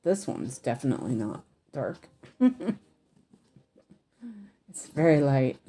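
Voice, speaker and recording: A woman's voice: rumbling low, animated, normal speed, dark tone. A woman hosting a cross-stitch livestream, chatting casually and hesitantly while she works and answers viewer comments. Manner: hesitant and rambling, many fillers and trailing thoughts.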